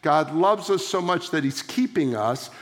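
Pastor preaching in a reverberant church. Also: male voice, on the high side, expressive, a little slow. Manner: emphatic, varying pace for stress. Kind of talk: sermon. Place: church sanctuary.

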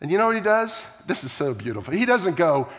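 A fairly high-voiced man delivers a sermon in a large sanctuary, his words ringing with a long hall reverb. He tells the story in an animated way and keeps throwing questions out to the congregation. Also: fast talker. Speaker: pastor.

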